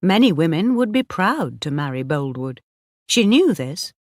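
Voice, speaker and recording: A woman narrating an audiobook for English learners, reading slowly, clearly and expressively. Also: fairly low pitch, sing-song, a little mellow, no echo, studio quality.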